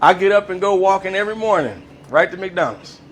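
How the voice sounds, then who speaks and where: A man hosting a restaurant comedy night, out of breath and mocking himself in a lively storytelling way. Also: sits high, a little fast. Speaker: comedy show host and comedian. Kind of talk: stand-up comedy set. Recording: live room with audible crowd.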